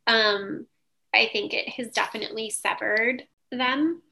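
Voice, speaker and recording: Woman, podcast co-host, casual storytelling, rambling with fillers, bright tone, slightly high pitch. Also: unhurried, creaky. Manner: rambling, full of "like" and "um". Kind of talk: casual chat, personal storytelling.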